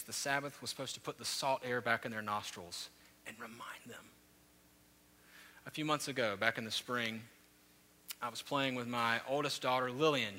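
A man in his thirties preaches in a church sanctuary, his voice very bright and forceful. A long reverb trails each phrase, and his storytelling swells into loud, animated peaks before settling back. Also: medium pitch. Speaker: pastor. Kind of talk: sermon.

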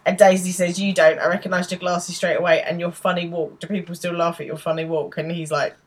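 A woman chats on a podcast, recapping a TV episode scene by scene and quoting the characters' lines. Her voice sits somewhat low for a woman, and she laughs easily as she goes. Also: flat delivery, a little fast, hardly any pauses. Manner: retells scenes with quoted lines, laughs often. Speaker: podcast co-host. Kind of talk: casual chat recapping a TV episode.

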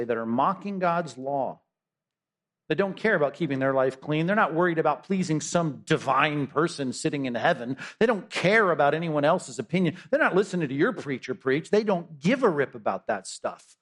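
A pastor preaches in an easy, conversational way. His voice sits a little high for a man. He leans on rhetorical asides to keep the congregation with him. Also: expressive, normal speed, fairly bright tone. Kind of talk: sermon.

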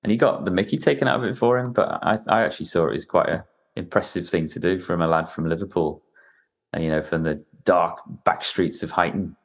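Low-voiced guy from newcastle, england hosting a podcast, rambly, lots of restarts. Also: a little fast. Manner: rambling, with many restarts and fillers. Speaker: podcast host. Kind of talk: casual conversation.

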